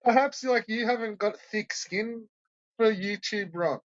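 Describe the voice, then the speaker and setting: Here a man runs a troll-reaction stream, mocking viewers in a profane rant full of constant cursing. He has a high-pitched voice and talks a little slowly. The audio's upper frequencies are cut off.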